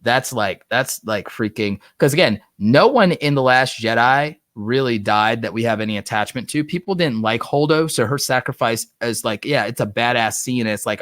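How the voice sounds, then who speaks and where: A man's voice: medium pitch, normal speed, hardly any pauses, no echo. Man, stream host, casual rambling chat, lots of "like", dry sound. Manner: excited, rambling, heavy use of "like". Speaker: host of a live show. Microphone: online streaming setup.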